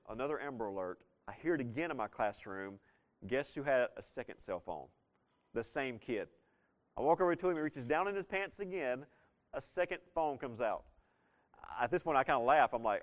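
Guy preaching, middle-aged, chatty storytelling, drags out the big points, mid pitch. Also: lively intonation. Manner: conversational storytelling, slows down to stress key phrases. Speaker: pastor. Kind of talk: sermon.

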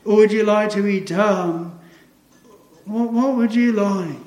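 A man pastor preaching a sermon in a chapel, earnest and solemn, quoting scripture slowly. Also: sits high, darkish tone, reverberant, rough recording.

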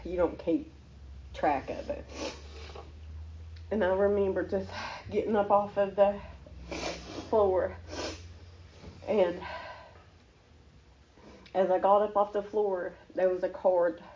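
A woman telling her personal faith testimony in an earnest, halting, emotional way. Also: medium pitch, fairly even intonation, lo-fi sound, slight background noise.

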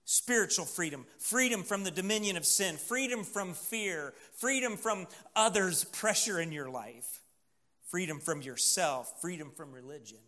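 A man preaching a sermon, emphatic, pausing for the congregation to fill in words. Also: sits high, lively intonation, sharp tone. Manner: emphatic preaching with call-and-response pauses. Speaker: pastor.

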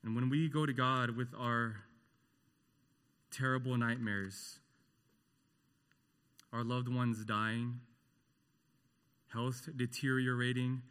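Male pastor, mid-range voice, preaching slowly with passion, moves between booming questions and gentle near-whispers; long room echo. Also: steady tone, clear, resonant tone. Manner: impassioned, swinging from loud rhetorical questions to hushed tenderness. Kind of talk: sermon.

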